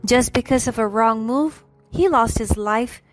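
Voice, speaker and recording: Cool, steady woman narrating a story. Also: a little high, unhurried, soft background music. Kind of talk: scripted first-person story narration.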